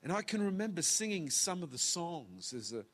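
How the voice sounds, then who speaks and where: A pastor in his fifties preaches a sermon in a large auditorium, emotional and near tears, using dramatic pauses and dropping to whispers. His voice is on the high side and fairly bright, with big pitch swings and a slightly rough recording.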